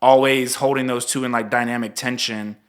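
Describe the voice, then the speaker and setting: A man talking casually as a podcast guest, animated and trailing into playful asides, in a small room where voices bounce off the walls. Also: mid-range voice, a little fast. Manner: animated, slips into mock voices. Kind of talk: casual conversation.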